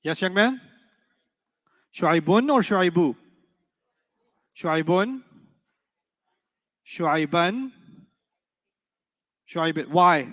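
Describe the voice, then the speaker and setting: Male Arabic teacher, high voice, jokey and quick to quiz the class. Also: animated, fairly bright tone, big-room sound. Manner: playful, joking, quizzes the class. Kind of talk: live classroom lecture.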